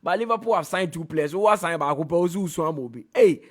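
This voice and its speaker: A man's voice: animated, fast. Ghanaian man reading listener texts on air. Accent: Ghanaian English. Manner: lifts his voice to read each message, then comments in a lower tone. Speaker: sports radio presenter. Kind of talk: reading out listener messages on radio. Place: radio studio.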